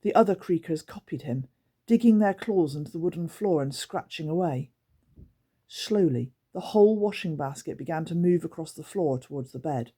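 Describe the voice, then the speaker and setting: Woman narrator for a children's audiobook, low, husky, storytelling delivery. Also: moderate pace. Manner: storytelling, expressive reading. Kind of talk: reading a children's book aloud.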